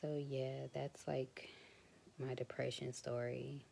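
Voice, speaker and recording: A woman's voice: extremely low pitch, level tone, slow, creaky. Young woman vlogger, frank casual talk, faint hiss behind her. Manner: frank, conversational, drifts into soft whispers. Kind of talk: casual personal talk to camera.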